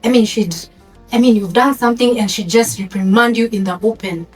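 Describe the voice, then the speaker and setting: Animated woman speaker, echoey hall. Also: fairly high pitch, a little fast, faint music behind. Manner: animated, storytelling, code-switches into Swahili. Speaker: event panel speaker. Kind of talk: lively panel talk with audience interaction. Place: event hall with audience. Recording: echoey room from far off, noisy.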